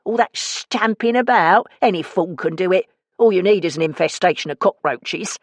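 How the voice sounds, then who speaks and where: Woman playing a loud, theatrical, bossy man; sharp-tongued. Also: sits high, normal speed, dry recording.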